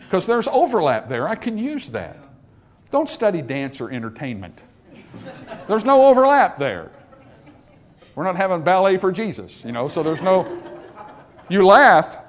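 Older male pastor, high voice with big swings in pitch, emphatic preaching full of rhetorical questions. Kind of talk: sermon.

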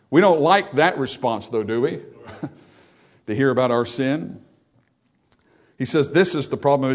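A male pastor preaching a sermon, emphatic, asking the congregation rhetorical questions and building up loudly as he quotes scripture. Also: mid-range voice.

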